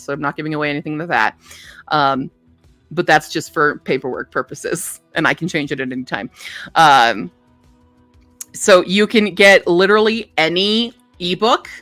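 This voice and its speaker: Chatty woman book streamer, lowish voice. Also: fairly bright tone, no room sound. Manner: chatty, reads book blurbs aloud. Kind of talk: casual livestream chat.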